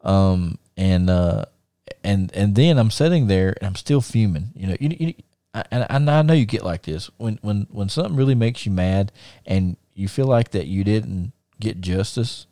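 A man's voice: on the low side, normal speed, no echo, studio quality. Man telling a road story. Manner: animated storyteller, acts out quoted voices; frequent fillers and restarts. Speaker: podcast host. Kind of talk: casual storytelling.

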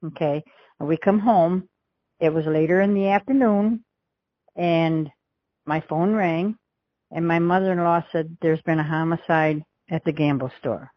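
A woman's voice: deep voice, a little slow, no room sound, lo-fi sound. A middle-aged woman recounting a past event as an interview witness, rambling along and acting out the dialogue she quotes. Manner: rambling storyteller who acts out quoted dialogue.

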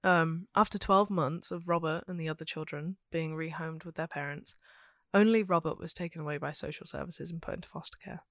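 A woman with a London accent, co-hosting a podcast and telling a true crime case in a steady, matter-of-fact way with dry asides. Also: deep voice, a little fast, no echo. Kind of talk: casual chat reading out researched notes.

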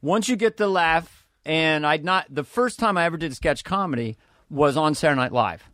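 A man's voice: fairly high pitch, normal speed, no room sound. Male comedian guest, storytelling, jumps into impressions; dry, close mic. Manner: animated, slips into quoted voices, swears. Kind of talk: casual podcast interview storytelling.

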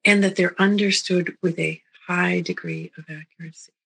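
A middle-aged woman, a therapist, giving a recorded lecture in a gentle, unhurried way, often checking in with the listener. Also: lowish voice, fairly even intonation, creaky, a little hiss or hum, low-quality recording. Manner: gentle, unhurried, repeats words and checks in with "right?". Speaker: therapist teaching a psychology talk.

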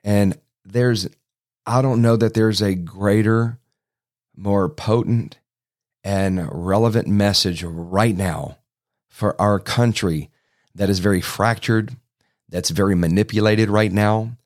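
A man's voice: lowish voice, slow pace, a little mellow. A middle-aged man, preaching as a pastor, telling a personal story in a folksy, self-deprecating way. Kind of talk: sermon storytelling.

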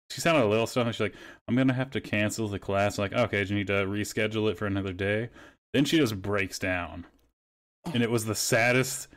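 A man hosting a podcast, telling stories in casual, profanity-laced chat. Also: on the low side. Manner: swears freely, storytelling. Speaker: podcast host.

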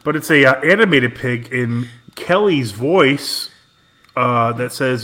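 A man co-hosting a casual podcast in a mid-range voice. He is sarcastic and quick to swear. He mocks each story with exaggerated mock quotes. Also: mid-range voice, animated, a bit bright. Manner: sarcastic and profane, mocks stories in put-on quotes. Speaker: podcast co-host.

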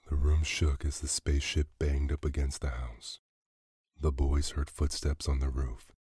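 A man narrating a bedtime story in a slow, even, soothing reading. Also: extremely low pitch, breathy edge, no echo, studio quality.

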